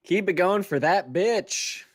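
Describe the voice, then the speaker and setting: A man co-hosting a casual live-streamed comedy chat with drawn-out, amused exclamations. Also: sits high, lively intonation, crowd noise. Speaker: co-host.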